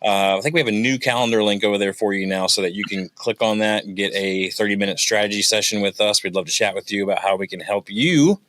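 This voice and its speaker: Male podcast host, fairly low voice, chatty and playful, reads the promos with ease. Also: fast, hardly any pauses, a bit bright, no room sound. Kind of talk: casual podcast chat.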